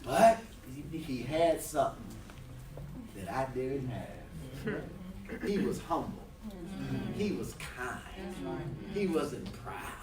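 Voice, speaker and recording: A man preaching a sermon to a congregation, joking and then rising to shouts. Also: medium pitch, animated, slow pace, long pauses, reverberant, far from the mic, over music. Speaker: minister. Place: large hall with live congregation. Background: congregation responding.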